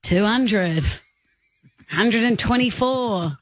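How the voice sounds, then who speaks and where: A man's voice: high-pitched, extremely slow. A man with an Australian accent, co-hosting a radio show and teasing his partner with frequent laughter. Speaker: radio co-host. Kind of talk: casual radio banter. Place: radio studio.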